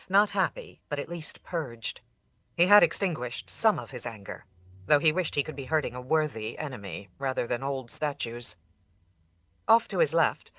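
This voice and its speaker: An audiobook narrator reading fantasy fiction in a steady, measured way on a close mic. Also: mid-range voice, no echo.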